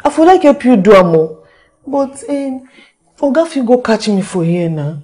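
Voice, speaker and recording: A high-voiced, teasing housemaid. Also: female voice, very animated, normal speed. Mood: hurried. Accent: Nigerian Pidgin. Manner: sharp scolding and sweet coaxing. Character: teasing, meddling female house help. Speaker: actress in a Nollywood film.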